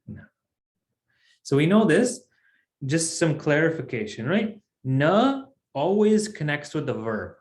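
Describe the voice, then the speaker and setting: A man's voice: fairly high pitch, very animated, takes it slowly, a little mellow, reverberant. A man teaching a Sanskrit class, explaining patiently step by step. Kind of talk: online language class.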